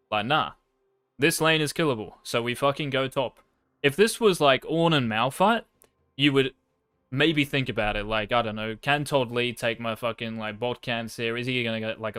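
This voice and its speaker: A man's voice: medium pitch, fairly bright tone, clean tone, no echo. A young man, coaching a player over a game replay in a blunt, casual and profane way.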